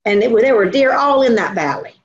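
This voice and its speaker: Woman preacher, earnest sermon delivery, slightly high-pitched, muffled recording. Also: expressive. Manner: earnest, storytelling, slows for emphasis. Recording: dull lo-fi recording.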